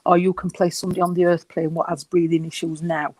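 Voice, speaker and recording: A man giving a reading at a service, gentle and reassuring, and short of breath. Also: on the high side, flat delivery, fast talker, no room sound. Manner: gentle, reassuring, calls people sweetheart. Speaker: spiritualist medium.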